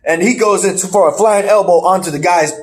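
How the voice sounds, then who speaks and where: Animated man rambling through wrestling recaps. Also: high voice, brisk. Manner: rambling, animated play-by-play with laughs. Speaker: podcast co-host. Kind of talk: casual wrestling review chat.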